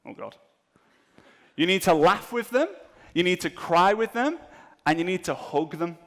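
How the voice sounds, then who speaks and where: Lively, joking man on a hall stage. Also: sits high, a little slow. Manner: jokey, self-mocking, asides to the crowd. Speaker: seminar speaker. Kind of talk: comedic live seminar talk. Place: event room with a live audience.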